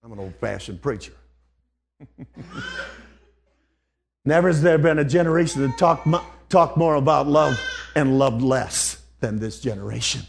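Older preacher, gravelly voice, goes quiet then loud and fervent. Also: male voice, mid-range voice, expressive, unhurried, long pauses, soft background music. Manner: old-fashioned preaching, swings from hushed to fervent outbursts. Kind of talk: sermon.

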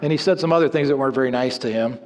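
A man preaching a sermon, telling an illustrative story and dropping to low, quiet emphasis on key words. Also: very fast, in a large hall.

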